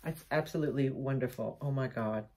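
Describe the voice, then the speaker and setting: Gushing low-voiced woman. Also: fairly quick, slightly rough. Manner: gushing, excitable, says y'all a lot. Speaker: vlogger showing a haul. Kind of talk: casual chat to camera.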